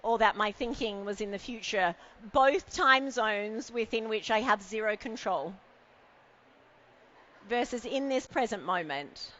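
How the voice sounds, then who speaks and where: A woman's voice: medium pitch, bright, forceful tone, lo-fi sound. A woman giving a conference keynote on stage, playful and self-mocking, teasing the audience. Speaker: keynote speaker. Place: event stage with a podium.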